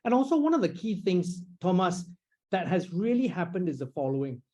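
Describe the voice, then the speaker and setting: A man's voice: sits high, very animated, a little fast, darkish tone, lo-fi sound. A man hosting a business interview, summarizing points and asking questions. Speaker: interviewer host.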